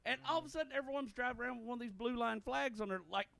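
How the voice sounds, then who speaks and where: A man's voice: very high voice, rapid-fire, vocal fry, pushed and bright, dry recording. A man from the rural American South co-hosting a podcast, talking in a wry, profane way in a casual chat. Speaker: podcast co-host.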